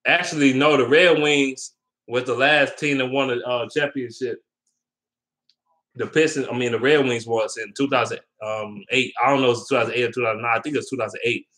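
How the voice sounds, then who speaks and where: A young man with a bright, forward voice talks sports off the cuff. He rambles from one opinion to the next, slangy and loose, full of ums and restarts, in a middle-pitched voice. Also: steady tone, a little fast. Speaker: sports vlogger. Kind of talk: casual sports talk.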